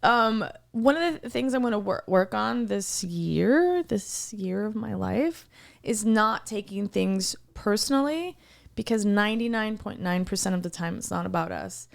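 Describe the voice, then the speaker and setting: Gravelly woman telling a story. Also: mid-range voice, a little slow. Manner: animated storyteller, acts out quoted voices. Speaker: podcast co-host. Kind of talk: casual chat.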